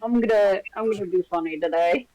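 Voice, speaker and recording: A woman's voice: mid-range voice, fairly quick, dark tone, poor audio. A woman playing a tabletop game, playful and giggly with crude jokes. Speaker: player. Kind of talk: casual tabletop play.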